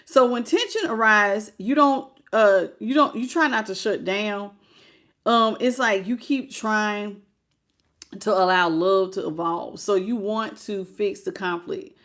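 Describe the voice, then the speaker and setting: A woman's voice: medium pitch, a little slow, a bit bright. A woman giving a casual tarot reading, talking bluntly and colloquially and chatting with her viewers. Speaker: tarot reader.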